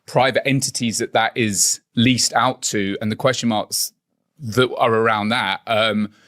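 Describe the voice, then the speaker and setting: A man's voice: on the low side, steady tone, unhurried, a bit bright, no room sound, clean studio sound. A man from England, a guest investigator, speaking in an earnest, probing way in a conversational interview.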